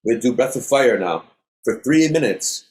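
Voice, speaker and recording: A middle-aged man, a yoga instructor, calmly leading a class through breathing exercises with step-by-step cues. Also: medium pitch, normal speed.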